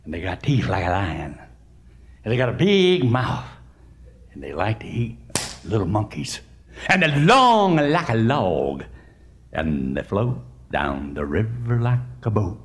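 A preacher doing a low, ominous animal elder. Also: male voice, big pitch swings, unhurried. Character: grave old animal elder warning of crocodiles.

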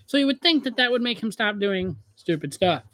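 A man's voice: high-pitched, lively intonation, brisk, fairly bright tone, no echo. A man co-hosting a podcast over a remote call, chatting casually, laughing often and trailing off with fillers. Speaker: podcast co-host. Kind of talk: casual chat.

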